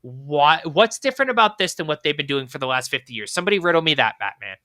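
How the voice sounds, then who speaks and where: Podcast host, bright high voice, dry sound, profane rambling questions. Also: male voice, lively intonation, fast, no echo. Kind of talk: casual political podcast chat.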